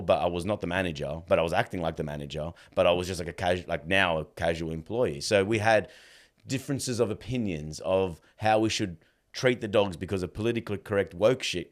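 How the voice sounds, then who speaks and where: Deep-voiced man telling stories. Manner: animated, acts out dialogue, fills with "like" and "bro". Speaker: podcast guest. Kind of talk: casual storytelling.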